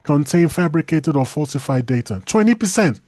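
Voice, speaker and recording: A man's voice: a little high, a little fast, no room sound. Chatty man with a dry, close sound. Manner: chatty, animated, laughs often, stumbles and restarts. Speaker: co-host. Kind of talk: casual podcast discussion.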